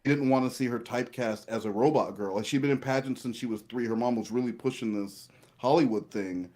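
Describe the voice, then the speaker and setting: A man's voice: medium pitch, fairly quick, mellow. Man rambling through TV trivia. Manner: rambling trivia, casual swearing. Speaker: co-host of a watch-along. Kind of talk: casual commentary over a TV show.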